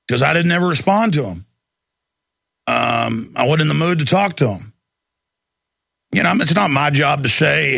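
A man's voice: on the high side, creaky, pushed and bright, slightly rough, no room sound. A man hosting a talk show, ranting heatedly and emphatically, often repeating himself for effect. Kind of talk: ranting political commentary.

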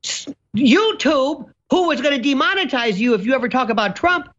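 A man guest commentator ranting sarcastically in an animated chat, with ornate vocabulary and theatrical flourishes. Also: very high voice, moderate pace, hardly any pauses, lo-fi sound.

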